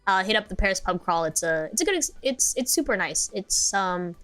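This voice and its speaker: A young woman chatting on a livestream. She rambles and giggles through her stories, leaning on filler words, at an ordinary pitch. Soft music plays faintly behind her. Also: animated, a little fast, clean tone. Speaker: VTuber streamer. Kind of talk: casual stream chat.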